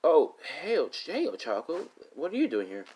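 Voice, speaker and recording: A man's voice: fairly high pitch, huge pitch swings, normal speed, a little mellow, breathy edge, pitched above the performer's own voice, full character voice, low-quality recording. A man voicing a polite teenage boy who explains himself hesitantly. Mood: friendly. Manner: hesitant, rambling, mild.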